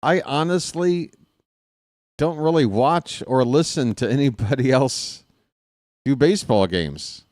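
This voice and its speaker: Man, solo baseball caller, casual and jokey, unhurried pace, clean dry recording. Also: expressive, darkish tone, dry recording. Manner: casual, self-deprecating, jokey between pitches. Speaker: fan play-by-play broadcaster. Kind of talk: solo baseball play-by-play with chatty asides.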